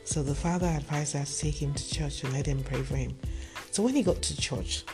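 Male storyteller, gravelly, earnest moral monologue over clear background music. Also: fairly high pitch, fairly quick. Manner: earnest, direct address to listeners. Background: music playing underneath.

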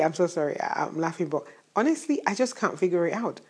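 Low, husky-voiced woman preacher. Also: lively intonation, fast talker. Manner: conversational, asks rhetorical questions, laughs at times. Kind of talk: morning sermon.

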